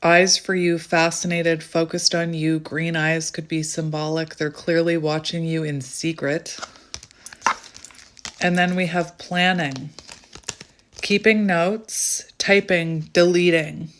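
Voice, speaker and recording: Excitable low-voiced woman reading tarot. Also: slow pace, a little hiss or hum. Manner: chatty, bursts into excited exclamations and laughter. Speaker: tarot reader.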